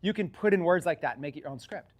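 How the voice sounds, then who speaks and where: High-voiced energetic male sales coach. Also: fast talker, background noise. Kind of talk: teaching sales scripts. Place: office.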